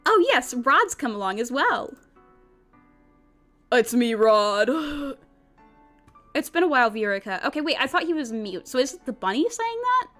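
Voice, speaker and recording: A young woman streams a visual novel, voicing its characters and chatting about them in a bubbly, giggly way. Her voice sits high and swoops all over the place, with soft music playing underneath. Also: normal speed. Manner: bubbly, giggly, animated line reading.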